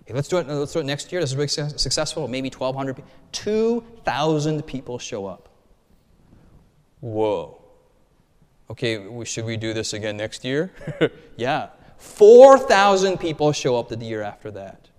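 A male pastor preaching a storytelling sermon, animated and conversational, with frequent restarts and asides. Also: medium pitch, normal speed. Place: church hall. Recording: long hall reverb.

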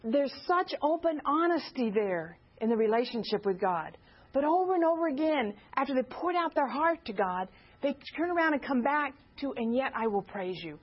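A woman speaks to a church gathering in a high, light voice, earnest and personal. She often turns to the listeners with direct questions. The sound is a little dull and muffled, lacking top end. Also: animated, moderate pace, breathy edge. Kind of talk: informal teaching talk.

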